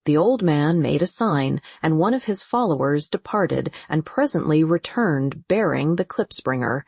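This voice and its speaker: A woman reads an adventure audiobook in a low, husky voice, steady and deliberate. The recording is dry and close, with a slightly dull, muffled tone. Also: no echo. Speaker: audiobook narrator. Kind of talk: scripted audiobook narration.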